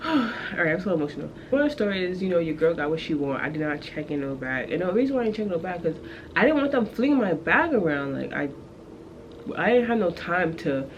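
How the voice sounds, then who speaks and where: A woman's voice: on the low side, lo-fi sound, a little hiss or hum. A young woman in her twenties chatting casually to the camera, telling a story as a rant and laughing often. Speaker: vlogger. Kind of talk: casual vlog chat.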